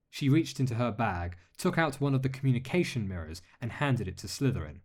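A man narrating a story aloud as an audiobook reader, steady and expressive. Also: lowish voice, normal speed, breathy edge. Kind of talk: audiobook reading of fan fiction.

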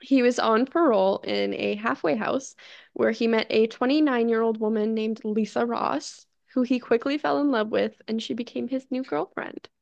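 A woman's voice: a little high, steady tone, normal speed, gravelly, darkish tone, dry recording, highs cut off. A woman co-hosting a podcast, recounting a true-crime case in casual chat, often tripping over foreign names and laughing it off. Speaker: podcast co-host.

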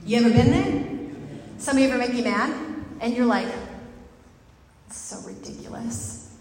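A woman pastor giving a sermon in a conversational, lively way, laughing and acting out little asides. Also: a little high, fast talker, a little hiss or hum. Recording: very echoey hall, mic far off, faint ambience.

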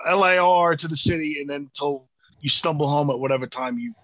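A man's voice: fairly high pitch, fairly quick, fairly bright tone, no echo. A man as a guest on a casual chat podcast, talking emphatically and repeating himself.

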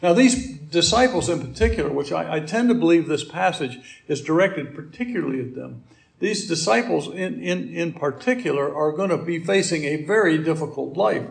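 A male pastor preaches a sermon in a relaxed, conversational way, breaking off into asides and restarting his sentences. His voice sits a little high and has a gravelly edge. The sound carries the echo of a church room. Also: moderate pace.

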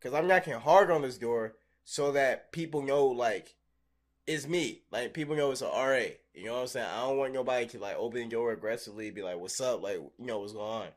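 A young man co-hosting a podcast, telling stories in a loose, animated way, swearing freely and laughing often. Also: medium pitch, fairly quick. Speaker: podcast co-host. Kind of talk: casual chat.

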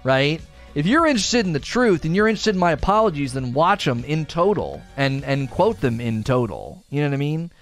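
A man's voice: on the high side, sing-song, fairly quick, faint music behind. A man streamer in a heated, defensive monologue, repeating himself as he vents. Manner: indignant, defensive, repetitive. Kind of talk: ranting monologue.

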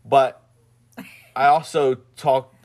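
Man, Southern twang, halting, rambling storyteller who laughs often, mid-pitched. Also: level tone, a little mellow. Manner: rambling, halting, many restarts; laughs often while telling stories. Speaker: husband and father. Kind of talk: casual chat.

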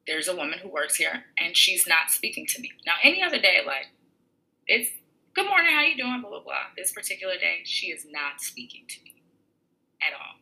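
A woman's voice: fairly low pitch, rough recording. A woman with a podcast recounting a tense experience at her workplace, talking animatedly and acting out the people she quotes. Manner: animated retelling with quoted voices. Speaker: podcaster telling a personal story. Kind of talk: personal storytelling.

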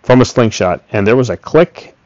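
A man reading a first-person story aloud in a steady, plain way. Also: mid-range voice, normal speed, no echo. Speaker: audiobook reader. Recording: dull, dry recording.

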